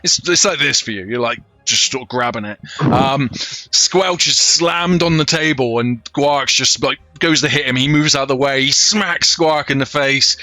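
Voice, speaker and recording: A man's voice: medium pitch, bright, forceful tone, no echo. A man narrating a tabletop game as game master, rambling with fillers. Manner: rambling with fillers, quick laughs.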